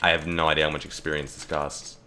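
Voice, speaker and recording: A man's voice: a bass voice, flat delivery, quick pace, pushed and bright, slight background noise. A young man ranting jokingly and rambling while he plays a video game, full of fillers and restarts. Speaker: gaming YouTuber. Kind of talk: casual rant while playing.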